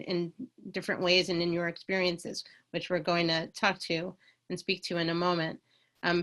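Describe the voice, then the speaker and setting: A woman moderating an online panel discussion, speaking haltingly and restarting often as she searches for words. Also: lowish voice, pushed and bright.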